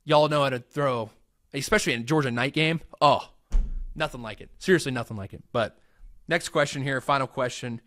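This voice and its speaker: A man's voice: medium pitch, fairly quick, a bit bright. A young American man hosting a casual Q&A vlog and answering fan questions in an easygoing, rambling way with lots of fillers. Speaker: host.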